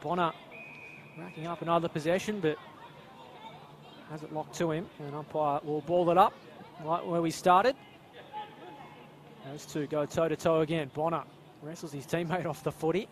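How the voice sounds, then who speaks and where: A man with an Australian accent giving chatty live football analysis, with some hesitant restarts. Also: a little high. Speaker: expert commentator. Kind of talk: live sports commentary.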